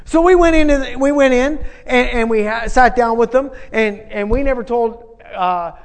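Middle-aged male preacher, high-pitched, emphatic testimony, echoing hall. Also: moderate pace. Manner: emphatic, conversational, with repeated phrases. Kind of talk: sermon testimony, storytelling. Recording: long reverb of a large hall.

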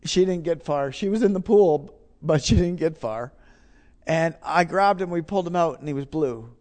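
A man's voice: fairly high pitch, moderate pace, darkish tone. A middle-aged man preaching, telling a personal story with emphatic, repeated phrases. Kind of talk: sermon testimony.

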